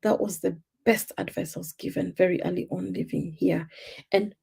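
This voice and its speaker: A woman's voice: fairly low pitch, fairly even intonation, normal speed, vocal fry, dark tone, breathy edge. A woman with a Kenyan accent giving an emphatic motivational talk on a live stream, often repeating her key points. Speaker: life purpose coach.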